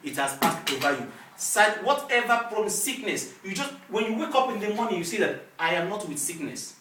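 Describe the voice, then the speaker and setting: Animated preacher in an echoey church. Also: male voice, high voice, brisk. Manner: lively call-and-response preaching. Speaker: pastor. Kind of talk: sermon. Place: church hall. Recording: echoey hall, distant mic, faint noise.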